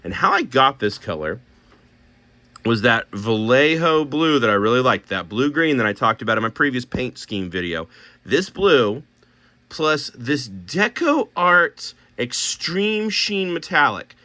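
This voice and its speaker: A man's voice: medium pitch, big pitch swings, a little slow, pushed and bright, no room sound. A man casually thinking aloud as he shows paints and miniatures, talking himself through color choices with many restarts.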